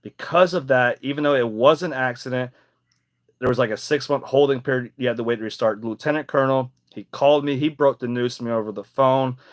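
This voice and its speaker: A man's voice: mid-range voice, a little fast. Young man rambling through a personal story. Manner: rambling and emphatic, with casual swearing. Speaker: podcast host.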